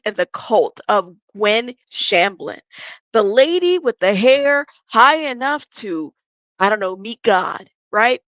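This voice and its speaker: A woman hosting a live stream, chatting casually and warmly greeting viewers one by one by name. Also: fairly high pitch, no room sound, muffled recording.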